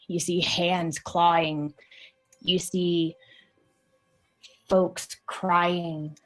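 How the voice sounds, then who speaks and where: A woman slowly narrating an eerie scene for a tabletop game. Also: fairly low pitch, poor audio. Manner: slow, eerie scene-setting.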